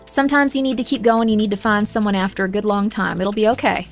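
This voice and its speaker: A woman's voice: medium pitch, quick pace, faint music behind. A young woman streaming a game, giving viewers motherly advice in a put-on southern drawl and calling them honey. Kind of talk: casual livestream chat.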